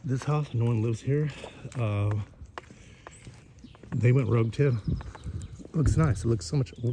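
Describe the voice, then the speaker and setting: A man talks into his phone as he strolls outdoors, loose and rambling, with plenty of swearing. His voice sits at an ordinary middle pitch. Steady background noise runs under the whole outdoor recording. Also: measured pace, long pauses. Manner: rambling, profane, gossipy. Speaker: vlogger. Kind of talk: casual walking chat. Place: outdoors in a neighborhood.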